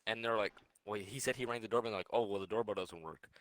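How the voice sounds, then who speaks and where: Fast-talking, bright-voiced young man. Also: on the low side, no echo. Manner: swearing, rambling storytelling with restarts. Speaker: podcast co-host. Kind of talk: casual chat.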